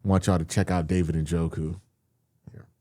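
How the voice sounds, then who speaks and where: A deep-voiced man at a moderate pace breaks down football film, with no room sound in the recording. Talking to y'all at home, he's casual but animated, exasperated, and prone to occasional swearing.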